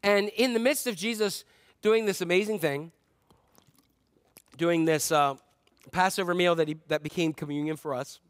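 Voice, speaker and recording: High-voiced pastor, animated sermon. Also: male voice, moderate pace, long pauses, dry recording. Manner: animated storytelling, acting out scenes with playful humor.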